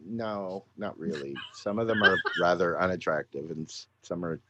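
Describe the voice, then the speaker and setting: Grumpy low-voiced Canadian man. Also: moderate pace, very noisy. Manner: grumpy, dry and profane. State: tired. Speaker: podcast host. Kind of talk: casual chat.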